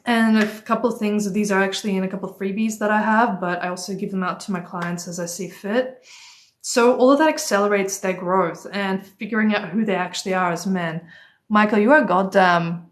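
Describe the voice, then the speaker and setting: A woman's voice: medium pitch, brisk. Chatty woman coach in an echoey room. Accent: non-native accent, origin unstated. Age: young adult. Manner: direct, chatty, reads out viewer comments. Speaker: dating and life coach. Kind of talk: livestream chat to viewers. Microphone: phone.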